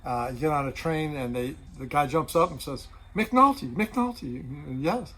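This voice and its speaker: A man's voice: mid-range voice, fairly even intonation, brisk, fairly bright tone, slight background noise, poor audio. A man co-hosting a ministry program who adds brief, affirming remarks to the conversation. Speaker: co-host, ministry leader. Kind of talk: conversational interjections.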